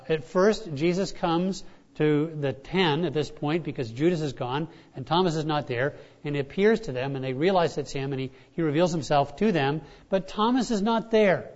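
Animated male pastor preaching on muffled audio. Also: on the high side, normal speed. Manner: animated, shifts from loud emphasis to soft hushed lines, with frequent restarts. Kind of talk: sermon.

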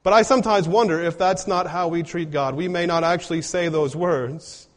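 A man's voice: on the high side, steady tone, normal speed, few pauses. A man preaching a sermon in an earnest way, often putting rhetorical questions to his congregation. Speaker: pastor.

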